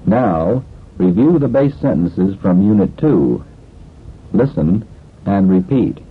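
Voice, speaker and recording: Low raspy guy running a language drill, slow and deliberate, swoopy up and down, tinny phone-like old tape. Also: very animated. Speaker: language course instructor.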